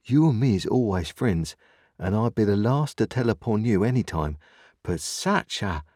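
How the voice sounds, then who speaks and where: A gentle, simple working man speaks earnestly in plain rustic grammar, his voice raised above the narrator's, as a male reader puts him on. Dry, close audiobook sound. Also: on the high side, expressive, a little slow, dry recording, voice pushed up. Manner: earnest, confidential, rustic speech. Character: gentle, simple-spoken village blacksmith Joe.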